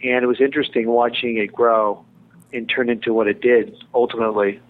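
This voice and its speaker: A man's voice: medium pitch, flat delivery, a little fast. Man chatting over a tinny phone line. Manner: chatty, digressive, joking. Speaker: TV director being interviewed. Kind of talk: interview answers.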